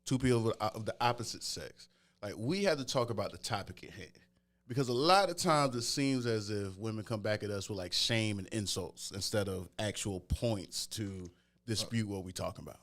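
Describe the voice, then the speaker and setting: A man co-hosting a casual podcast chat in a filmed studio, animated and quick to laugh. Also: lowish voice. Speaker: podcast co-host.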